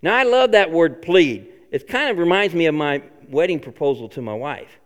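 A man preaching a sermon as pastor, earnest and repetitive, swinging between loud appeals and hushed lines. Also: on the high side, expressive, moderate pace, hardly any pauses, long reverb tail.

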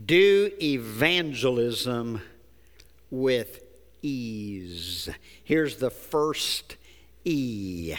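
Male preacher, unhurried folksy sermon, smooth clear voice, church hall reverb. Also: mid-range voice, lively intonation. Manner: slow, folksy storytelling, deliberate emphasis. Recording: echoey hall.

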